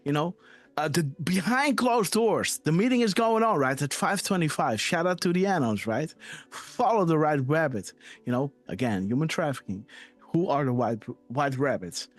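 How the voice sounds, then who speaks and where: Animated man hosting a live stream. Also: fairly high pitch. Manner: emphatic, repeats "right?" and "you know"; emotional, trailing off softly at ends. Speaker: live show host. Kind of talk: casual commentary reading posts aloud.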